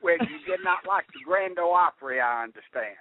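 An older man with a Southern American accent, calling in and chatting in a folksy, halting way. His voice sits a little high. The line is dry, tinny and phone-like. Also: lively intonation, no echo. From Southern United States. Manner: folksy, halting, with many restarts. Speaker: caller. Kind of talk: casual call-in chat.

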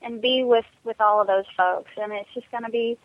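A woman co-hosting a casual chat, talking quickly in a bubbly, effusive way over a phone line. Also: on the high side, fairly even intonation, dry recording.

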